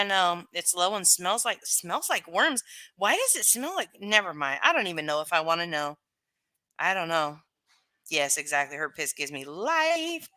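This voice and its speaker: A woman's voice: fairly low pitch, pushed and bright. A woman chatting casually on a live stream, reading and answering viewer comments with plenty of fillers.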